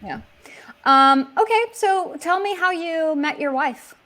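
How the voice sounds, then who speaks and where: A woman's voice: very high-pitched, slow, bright, forceful tone. A middle-aged woman chatting earnestly and casually in a video call, using filler words. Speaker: language exchange partner. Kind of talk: casual conversation.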